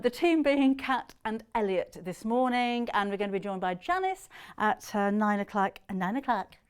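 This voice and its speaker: A middle-aged British woman hosts a live shopping broadcast with a smooth, clear voice pitched a little high. She chats to viewers in a bubbly, rambling way, full of ums and small laughs. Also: darkish tone. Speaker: shopping channel presenter. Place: TV studio.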